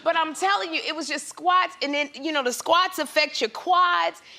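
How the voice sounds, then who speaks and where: A woman guest-hosting a talk show, telling a comic story in an animated way and acting out the quotes herself. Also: extremely high pitch, moderate pace, creaky, slight background noise. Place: TV studio with live audience.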